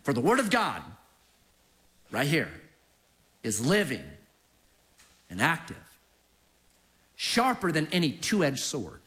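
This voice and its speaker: Male pastor, middle-aged, animated storyteller with a lively, swinging delivery. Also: fairly high pitch, slow, long pauses. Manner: animated storytelling with acted quotes. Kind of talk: sermon.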